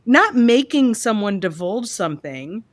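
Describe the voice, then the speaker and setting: A woman's voice: mid-range voice, big pitch swings, unhurried, no room sound. A woman therapist co-hosting a podcast, talking candidly about her work with frank, exasperated asides. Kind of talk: casual chat.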